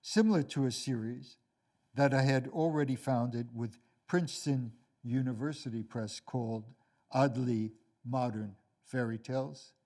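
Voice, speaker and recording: Slow, measured older man lecturing. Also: medium pitch, darkish tone. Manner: measured, deliberate, wry. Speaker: lecturer, author. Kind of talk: read lecture and storytelling.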